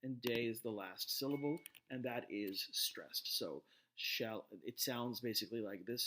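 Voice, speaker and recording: A man lecturing to a class at a middle pitch, explaining step by step. He often pauses, restarts his words and checks in with the listener. The tone is plain and instructive. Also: expressive, sharp tone. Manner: explanatory, frequent fillers and restarts, asks "right?".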